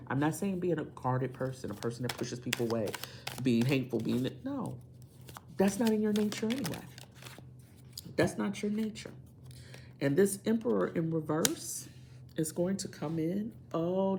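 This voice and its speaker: Low gravelly woman giving a tarot reading. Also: lively intonation, normal speed, noisy background. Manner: emphatic, preachy, repeats phrases for stress. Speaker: tarot reader.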